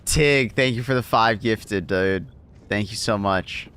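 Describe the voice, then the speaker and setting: A man chatting casually on a livestream, laughing often and thanking viewers excitedly. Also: lowish voice, takes it slowly, smooth. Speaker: streamer.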